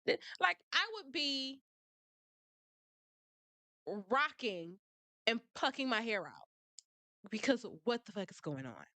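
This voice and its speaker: A woman's voice: fairly high pitch, sing-song, takes it slowly, pauses often, sharp tone, no echo. A woman giving blunt, sassy commentary on a trial, laughing often. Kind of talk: casual commentary.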